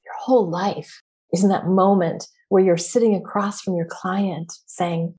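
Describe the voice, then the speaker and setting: A woman coach talks straight into a podcast mic in a fired-up, preachy flow. She leans hard on her points and drops the odd curse word without slowing down. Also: lowish voice, steady tone, dark tone. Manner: emphatic, preachy, casual swearing. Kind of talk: motivational podcast talk.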